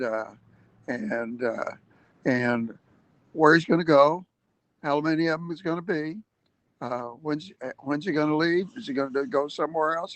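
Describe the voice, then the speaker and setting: A man's voice: on the high side, a bit bright, no room sound, low-quality recording. A man giving an earnest livestream advocacy talk, explaining step by step with emphatic points and hesitant fillers. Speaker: activist speaker.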